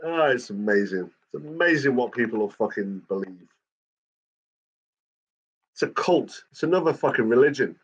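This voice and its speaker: A man's voice: medium pitch, expressive, moderate pace, pauses often, slightly rough. Swearing, ranting man on a lo-fi recording. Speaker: channel host. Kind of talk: casual chat. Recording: dull lo-fi recording.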